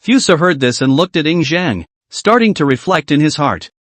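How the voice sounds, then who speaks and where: A man narrating a story recap in the second person, brisk and dramatic. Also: a little high, lively intonation, fairly bright tone, dry recording.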